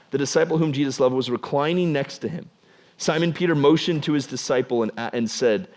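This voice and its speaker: A young man preaching a casual youth sermon, animated and jokey, acting out the scenes. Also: medium pitch. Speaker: youth pastor.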